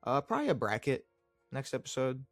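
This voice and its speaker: A man's voice: medium pitch, wildly swooping pitch, a little fast, fairly bright tone, no echo, soft background music. A young man co-hosting a casual sports podcast, rambling and laid-back with lots of fillers. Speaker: podcast co-host.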